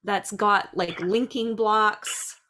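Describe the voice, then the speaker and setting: A middle-aged woman who teaches dance and preschool, speaking in a chatty, lively way about classroom ideas. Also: medium pitch, takes it slowly, slight background noise. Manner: chatty, lively, acts out little voices. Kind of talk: casual talk.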